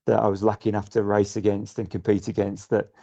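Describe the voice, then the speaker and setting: A man's voice: on the low side, little pitch movement, fast, creaky, mellow. A middle-aged man from the UK, a guest sailor on a casual podcast, speaking thoughtfully with frequent restarts and fillers. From United Kingdom. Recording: muffled lo-fi audio.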